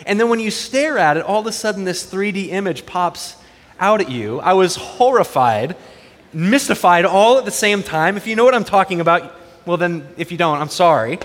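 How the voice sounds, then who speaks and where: Male pastor, fairly high voice, earnest and conversational, long church reverb. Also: lively intonation, normal speed, fairly bright tone. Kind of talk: sermon.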